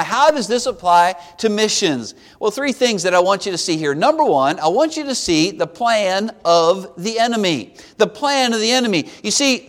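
A man preaching a sermon, retelling a Bible story with lively acted-out voices. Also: high-pitched, big-room sound. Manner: animated storytelling, acting out voices of biblical figures.

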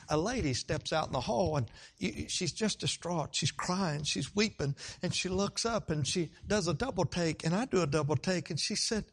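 A man, a pastor preaching a sermon and telling a story, often acting out voices at a high, strained pitch.

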